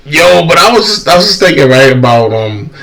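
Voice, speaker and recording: A man co-hosting a podcast in casual chat, a lively storyteller who keeps checking in with "right?". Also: medium pitch, fast talker, distant mic, a loud crowd, poor audio. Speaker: podcast co-host.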